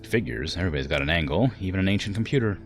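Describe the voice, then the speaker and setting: A man's voice: sits low, animated, rapid-fire, faint music behind. A man voicing a cynical mercenary crewwoman who talks bluntly and suspiciously. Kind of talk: reading game dialogue aloud.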